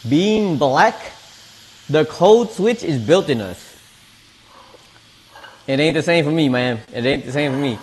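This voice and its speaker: A man's voice: on the high side, animated, unhurried, pauses often, darkish tone, a little hiss or hum. A man streaming, chatting casually while he eats, laid-back and slangy, often repeating his words. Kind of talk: casual chat while eating.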